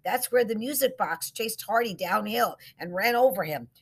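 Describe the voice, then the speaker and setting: A woman's voice: medium pitch, expressive, moderate pace, slightly rough, pitched above the performer's own voice. A woman playing a grumpy friend woken at night.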